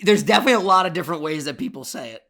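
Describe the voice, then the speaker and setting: A man's voice: on the high side, expressive, rapid-fire, creaky, a bit bright. A young man co-hosting a podcast, chatting casually and animatedly, swearing and doing mock deli-counter voices. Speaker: podcast co-host. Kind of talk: casual chat.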